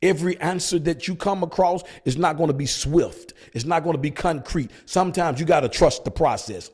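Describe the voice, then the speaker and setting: A man's voice: a little high, brisk, few pauses, a little mellow, slightly rough. A male pastor preaching at a Bible study, hammering points with repeated rhetorical questions. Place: church.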